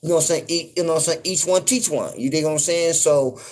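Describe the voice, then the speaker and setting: A man hosting his own show, talking in a loose, rambling commentary full of fillers and cursing, getting loud and incredulous when something riles him. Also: on the high side, fast. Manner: laid-back, rambling, frequent fillers and profanity. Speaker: podcast host. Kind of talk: casual commentary monologue.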